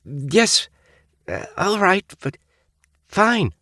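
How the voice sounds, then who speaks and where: A man's voice: high-pitched, sing-song, very slow, bright, forceful tone, dry recording, clean studio sound, pitched above the performer's own voice, full character voice. A man voicing a terrified young male cadet candidate who stammers and stumbles over his words. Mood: flustered. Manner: stammering, flustered.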